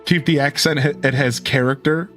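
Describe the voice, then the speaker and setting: A fairly high-pitched male voice at a moderate pace, with soft music in the background. He's a live streamer in his thirties from Ohio, USA, with an Ohio accent, chatting casually with viewers in an animated, rambling way and often correcting himself.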